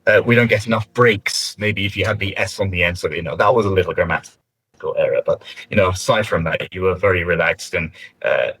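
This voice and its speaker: Husky low-voiced male examiner. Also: a little fast, fairly bright tone, low-quality recording. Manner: encouraging, conversational, frequent fillers and restarts. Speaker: IELTS speaking examiner giving feedback. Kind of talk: spoken feedback after a mock test.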